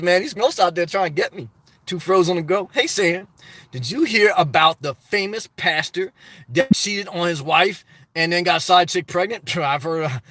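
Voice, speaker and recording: A man's voice: sits high, fairly bright tone, no room sound. A man hosting a casual live stream, reading viewer comments aloud and answering them in a talkative, upbeat and blunt way. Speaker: vlogger hosting a live chat.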